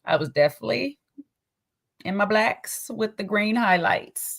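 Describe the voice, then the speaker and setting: A woman's voice: medium pitch, animated, measured pace, vocal fry, a bit bright. A woman hosting a casual livestream, sassy and chatty, greeting viewers by name and tagging sentences with "okay?". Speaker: livestream host.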